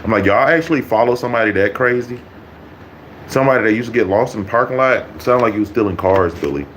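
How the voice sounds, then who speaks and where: A man's voice: mid-range voice, quick pace, fairly bright tone, a little hiss or hum, rough recording. A man ranting to his YouTube viewers, blunt and mocking, swearing constantly. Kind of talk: profane ranting vlog.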